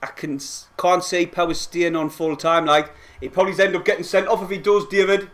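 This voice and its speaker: Young lad with a high voice, streaming live football reactions and swinging between yells and quiet chat-reading. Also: male voice, fairly quick. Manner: excitable, shouting and swearing at goals, then quietly reading chat.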